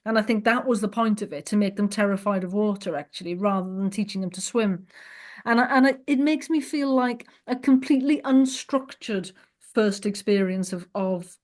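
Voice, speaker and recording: A woman's voice: mid-range voice, moderate pace, darkish tone. A woman hosting a podcast, earnest and thinking aloud in long, searching sentences. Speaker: podcast host. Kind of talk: conversational interview.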